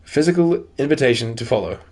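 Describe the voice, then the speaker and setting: A man voicing an awkward figure writing a fake friendly note, pitched a little higher and delivered stiffly and woodenly. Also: expressive, fast, a little mellow, faint music behind, close to an everyday voice.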